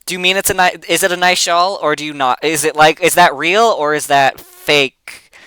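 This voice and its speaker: A game master narrating a tabletop game in a loose, halting, conversational way, often restarting a phrase. The voice is bright and crisp, with a lively swing, recorded close and dry. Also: medium pitch, no room sound, poor audio. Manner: hesitant, many fillers and restarts, casual swearing.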